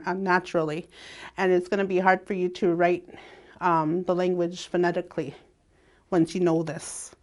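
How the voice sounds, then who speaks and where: A woman teaching a language lesson. She speaks in a relaxed way, laughs often and draws out her example words. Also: medium pitch.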